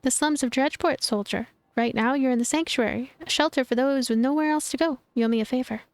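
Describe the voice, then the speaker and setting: A woman voicing a kindly male street priest in a video game, speaking gently and soothingly. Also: sits high, fast, no echo. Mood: gentle.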